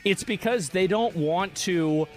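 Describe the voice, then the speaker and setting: A man with a slightly raised pitch, commenting in a dismissive, offhand way and tripping over his own restarts. Faint music plays under his clip. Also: takes it slowly. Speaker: streamer in a played clip. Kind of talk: casual stream commentary.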